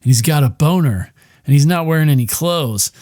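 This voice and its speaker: A sly male caller, hammed up and mocking, as a podcast host puts him on. The voice is pushed higher than ordinary speech and played broadly. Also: expressive, brisk, a little mellow, no room sound, studio quality, natural voice. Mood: mock panic. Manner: exaggerated, mocking. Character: sly male caller luring a woman, then faking an attack.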